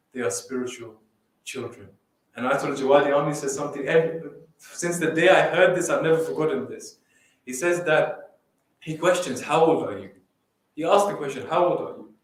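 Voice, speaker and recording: A man giving a dramatic sermon, telling stories and reciting Arabic quickly. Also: a little high. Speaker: majlis speaker. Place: mosque hall. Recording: echoey hall, distant mic.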